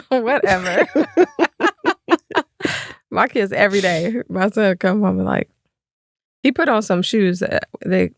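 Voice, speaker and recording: A woman's voice: mid-range voice, takes it slowly, vocal fry, long pauses, no echo, studio quality. A middle-aged woman co-hosting a casual chat, laughing often as she tells family stories and acts out quoted voices. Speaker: co-host.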